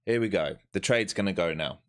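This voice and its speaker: A man's voice: low-pitched, animated, brisk, clean tone. A man giving live commentary to viewers as he trades, blunt and profane as he thinks aloud over the charts. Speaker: live-streaming day trader.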